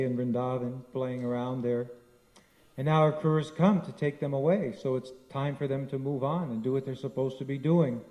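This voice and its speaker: Guy giving a devotional talk, telling the stories lively, warm mellow voice. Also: mid-range voice, low-quality recording. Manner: storytelling, lively, frequent restarts. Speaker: spiritual teacher.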